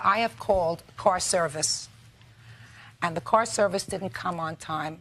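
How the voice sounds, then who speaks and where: A woman's voice: deep voice, big pitch swings, unhurried, a bit bright, breathy edge. An older woman acting as a TV judge, scolding and sarcastic as she rules on a small-claims case. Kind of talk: courtroom TV ruling.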